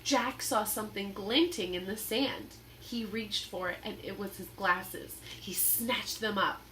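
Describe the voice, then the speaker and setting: A woman reading a children's book aloud in an expressive, dramatic storytelling manner. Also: medium pitch, unhurried, a little hiss or hum. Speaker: storybook reader.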